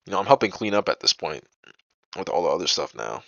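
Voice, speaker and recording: A man's voice: low-pitched, big pitch swings, fast talker, vocal fry, a bit bright, dry recording. A young man telling a personal story in a casual vlog, rambling and profane, full of "bro" and "like". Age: young adult. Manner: agitated, indignant retelling.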